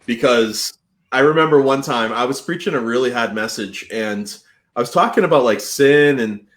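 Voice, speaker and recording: Laid-back Boston-accented pastor, roomy sound. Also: male voice, medium pitch, normal speed, fairly bright tone. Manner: laid-back, self-mocking, rambling with restarts. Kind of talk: casual book club chat.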